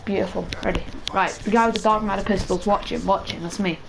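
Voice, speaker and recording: Excitable young gamer, high voice, gunfire behind. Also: male voice, fast, vocal fry, background noise. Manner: excitable, chatty, talks to viewers as "boys". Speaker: gaming video creator. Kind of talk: live gameplay commentary. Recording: game sounds loud under voice. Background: gunfire and game announcer.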